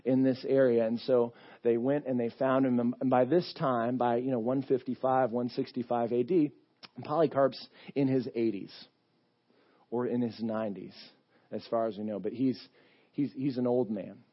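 A man's voice: medium pitch, fairly even intonation, moderate pace, muffled recording. A male pastor giving a sermon in a church, telling a story in a conversational way with many fillers.

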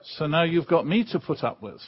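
An Englishman preaching a sermon from the pulpit as a guest speaker, leaning hard and slowly on the key words. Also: on the high side, lively intonation, slightly rough, highs cut off. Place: church pulpit.

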